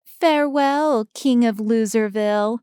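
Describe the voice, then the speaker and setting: A cheeky nine-year-old girl, smug and playful, her voice bouncing high and light, as a woman narrator puts her on. She sounds smooth and close, with no room around her. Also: a little slow, warm tone, no echo, close to an everyday voice. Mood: teasing. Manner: teasing, bouncy kid voice.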